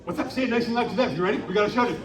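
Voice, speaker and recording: A high-pitched man runs a lively storytelling show, calling out to the audience and egging them on to shout. He is heard from a distance in an echoey space. A crowd chatters around him. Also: rapid-fire. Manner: animated, coaxing the crowd into shouting. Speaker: live children's storytelling performer. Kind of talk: interactive live show hosting. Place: outdoor winter carnival stage. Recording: echoey, distant live stage recording with crowd. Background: audience noise.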